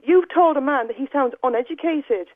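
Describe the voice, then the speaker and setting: A woman argues her point on a radio call-in at a rapid pace, stammering and pressing on over the others. She comes through a narrow, tinny phone line with a dry, close sound. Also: high-pitched, dry recording. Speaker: caller. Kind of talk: heated radio phone-in argument.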